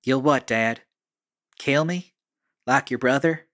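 A man voicing a defiant young daughter who speaks in a flat, matter-of-fact way. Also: mid-range voice, slow, voice pushed up. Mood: cold defiance.

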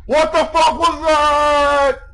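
A man's voice: very high voice, level tone, takes it slowly, sharp tone. A man screaming and swearing in panic while playing horror games. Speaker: gaming channel host. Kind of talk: horror gameplay commentary. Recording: game music and crowd noise over the mic. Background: game music and sound effects.

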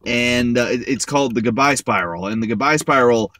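A man's voice: medium pitch, fairly quick, a bit bright, slight background noise. A man giving a casual comedic monologue, rambling and joking with some profanity. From United States. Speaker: vlogger.

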